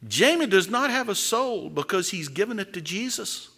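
A man voicing a simple-minded, stubborn village boy who softly repeats "nay, nay.". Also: high-pitched, lively intonation, moderate pace, long reverb tail, pitched above the performer's own voice, exaggerated voice.

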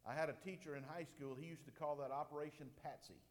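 A man preaching a sermon with emphatic delivery, slowing down to stress points and swinging his voice up and down. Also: fairly high pitch, fairly even intonation, in a large hall. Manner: emphatic preaching, slows for stress, rises and drops sharply. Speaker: pastor.

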